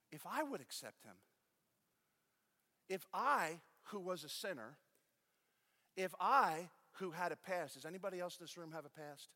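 Middle-aged male pastor, conversational sermon that swells to shouting, bright sharp tone, long hall echo. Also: sits high. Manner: conversational preaching that builds to shouting. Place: church. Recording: echoey church hall.

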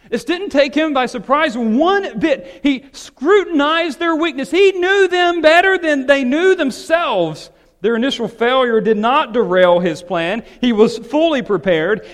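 A man, a pastor, preaching a sermon with emphatic, animated delivery that swings between loud and soft. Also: high-pitched, in a large hall.

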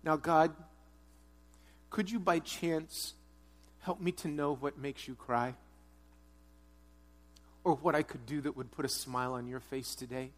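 A pastor preaching a sermon, earnest, moving between strong urging and quiet, hushed prayer. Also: male voice, fairly high pitch. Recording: long hall reverb.

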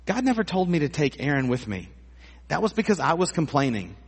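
Husky pastor preaching in a reverberant church. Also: male voice, a little high, fairly quick. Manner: animated, acts out voices with comic exaggeration. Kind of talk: sermon. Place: church sanctuary. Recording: long hall reverb.

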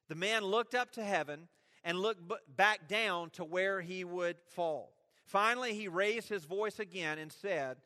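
A man with a high, bright, ringing voice preaches a sermon, pressing his points and throwing questions back at the congregation. His words trail off into a long hall reverb. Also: animated, measured pace. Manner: emphatic, asks the listeners questions. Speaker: pastor.

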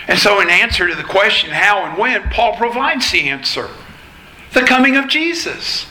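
A pastor delivers an expository sermon to his congregation at an unhurried pace, explaining each point with care. He has a fairly high, very bright voice. The sound is roomy and echoey, as in a church sanctuary, with faint ambience behind him. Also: animated, slight background noise. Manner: measured, explanatory teaching.

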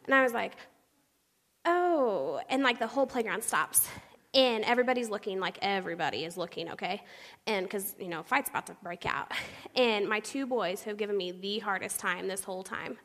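A young woman giving a personal testimony to a church congregation, animated and storytelling, acting out the people she quotes. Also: mid-range voice, brisk. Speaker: church speaker sharing her testimony. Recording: long hall reverb.

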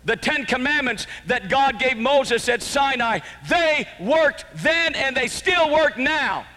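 A high, bright-voiced male preacher delivers an impassioned sermon, rising to shouts and then dropping to hushed, earnest tones. His voice rings through a church sanctuary with a long reverb trailing each phrase. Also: animated, slow. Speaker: pastor.

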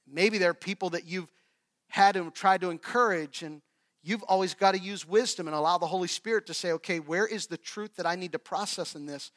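Male preacher, high pitch, storytelling sermon that goes loud then hushed, asks the room questions. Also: brisk. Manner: asks the congregation rhetorical questions. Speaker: pastor.

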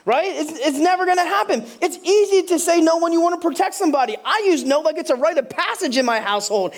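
A man in his thirties preaching a sermon as a pastor, building from quiet storytelling to impassioned, near-shouted questions. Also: extremely high pitch, animated, fast talker, hardly any pauses.

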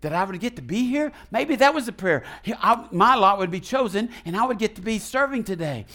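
Animated male pastor preaching. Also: high-pitched, fairly quick. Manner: animated, asks the congregation questions and leads call and response; folksy, retells the story in his own casual words. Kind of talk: sermon.

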